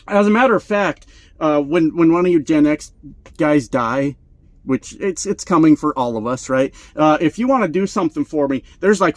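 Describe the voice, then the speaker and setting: A man's voice: a little high, no room sound. A man and truck driver vlogging, ranting in a profane, sarcastic, rambling comedic way, a little short of breath. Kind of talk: comedic rant to camera.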